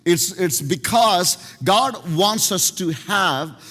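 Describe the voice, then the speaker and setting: Male pastor, high register, animated storyteller with restarts; sermon recorded in a reverberant hall over faint music. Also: slow pace.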